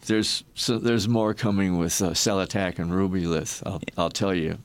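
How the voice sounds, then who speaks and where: A man's voice: sits low, steady tone, normal speed, dry recording. An older man from Michigan, a guest in an interview, telling long rambling stories and acting out the people in them. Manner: rambling anecdotes with restarts and acted quotes. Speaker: guest, former rock roadie and photographer. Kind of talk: storytelling in a podcast interview.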